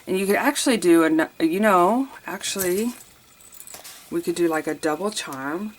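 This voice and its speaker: A woman chatting casually as she crafts, thinking out loud and sniffling a bit. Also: on the low side, moderate pace, slight background noise. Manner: chatty, thinks aloud while crafting, addresses viewers as you guys. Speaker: craft tutorial host. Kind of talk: casual crafting tutorial chat.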